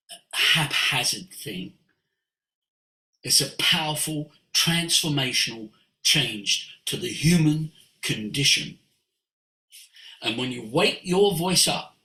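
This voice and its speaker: A man, a voice coach, telling a story to an audience in an animated way and acting out the voices. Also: a little high, reverberant, low-quality recording. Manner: animated, acts out voices in quotes. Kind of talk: storytelling talk.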